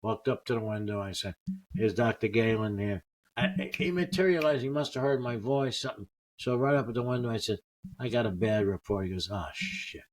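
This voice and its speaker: An older American man with a lowish voice speaks briskly as a guest comedian. He casually tells personal stories as animated anecdotes, acting out what other people said.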